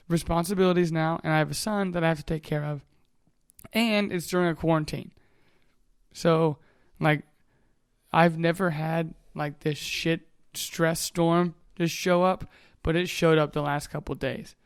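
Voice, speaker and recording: Smooth-voiced young man, candid and rambling. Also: on the high side, fairly even intonation, unhurried. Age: 20s. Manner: rambling and candid, swears freely. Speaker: vlogger. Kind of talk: casual motivational monologue.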